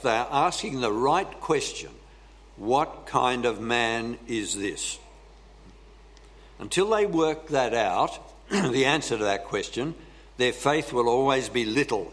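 A male preacher delivers a sermon at a slow, unhurried pace. He leans on dramatic pauses and often clears his throat. His pitch sits in an ordinary middle range for a man. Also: a bit bright.

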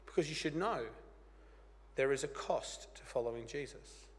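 Croaky-voiced man preaching in a church. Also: a little high, normal speed. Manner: earnest, plain-spoken preaching with light humor. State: hoarse, croaky voice from a cold. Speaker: pastor. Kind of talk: sermon. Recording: church hall reverb.

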